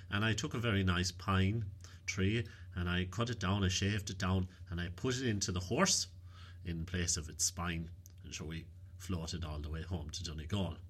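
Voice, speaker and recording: A man voicing a shrewd, unflappable countrywoman who tells tall tales in a calm, matter-of-fact way. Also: on the low side.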